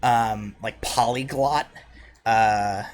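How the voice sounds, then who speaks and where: A man narrating as game master of a tabletop role-playing game, talking in a loose, halting way with many fillers. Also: lowish voice.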